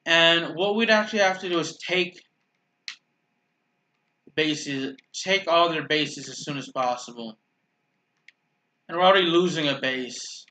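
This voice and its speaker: A gaming channel host with a fairly high, sharp voice talks at a measured pace with long pauses. Playing a video game, he gives casual, rambling commentary, often restarting and correcting his sentences and making dry, sarcastic remarks about his teammates.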